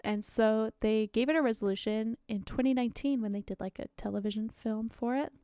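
A woman's voice: on the high side, fairly even intonation, fairly quick, warm tone, clean tone, dry recording, studio quality. A young woman co-hosting a podcast, chatting casually and rambling with lots of fillers. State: has the hiccups. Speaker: podcast co-host. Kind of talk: casual chat.

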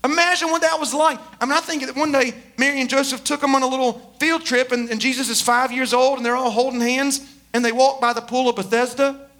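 Preacher guy, really high bright voice, animated and emphatic, storytelling sermon. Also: brisk.

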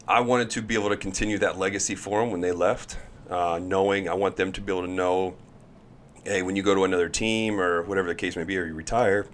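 A man in his thirties, a pro pitcher, telling chatty, animated stories as a podcast guest. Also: a little hiss or hum. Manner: chatty, animated storyteller who acts out quotes. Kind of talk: podcast interview storytelling.

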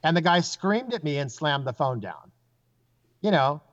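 A man with a slightly high voice, a psychic guest, tells stories casually at a moderate pace. He's an animated storyteller who acts out the voices of the people he quotes, and the recording has a dull, lo-fi sound.

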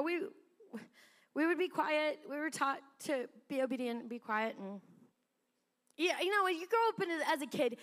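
A middle-aged woman pastor preaching a sermon, chatty and animated, laughing often as she tells stories. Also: sits high, in a large hall. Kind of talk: sermon storytelling. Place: church sanctuary.

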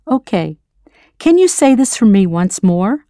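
Here a language teacher, a patient and encouraging American woman, leads a scripted audio lesson and asks the listener to answer. Her delivery is sing-song and unhurried, with a warm tone at a middle pitch. It's a close, dry recording with no echo.

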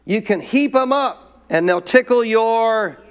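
A man's voice: very high voice, lively intonation, slow pace, smooth. A man preaching a sermon in an emphatic way, repeating his points and calling for amens from the congregation.

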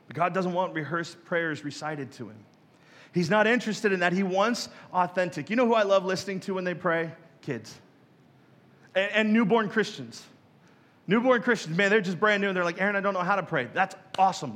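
Man, pastor, conversational sermon, joking asides, slightly high voice, long hall reverb. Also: fairly bright tone. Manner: conversational, joking, acts out prayers in mock voices.

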